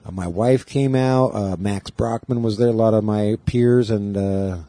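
A man's voice: lowish voice, fairly even intonation, unhurried, mellow, no echo. A man who does stand-up comedy, telling a rambling story in casual chat and laughing along.

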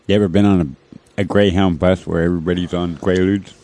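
A man in a casual chat with friends, telling stories in halting bits and repeating his words. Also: deep voice, steady tone, warm tone, a little hiss or hum.

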